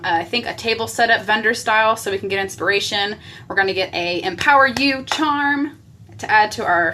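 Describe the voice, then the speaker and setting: A woman does casual live-stream chat during a makeup broadcast, speaking into her phone from a small basement bathroom and replying to viewer comments as they come. Her mid-range voice is pushed and bright, with slight background noise behind it.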